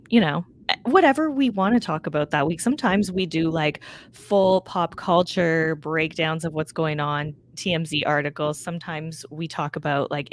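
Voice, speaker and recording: A woman guesting on a podcast, chatting in a relaxed, rambling way full of "like" and "um.". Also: sits low, slight background noise. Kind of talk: casual chat.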